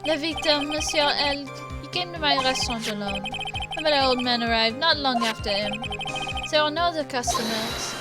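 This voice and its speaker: A woman voicing a flamboyant male French chef with a put-on French accent, speaking theatrically over loud game music. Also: high voice, normal speed, close to an everyday voice. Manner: theatrical, gushing.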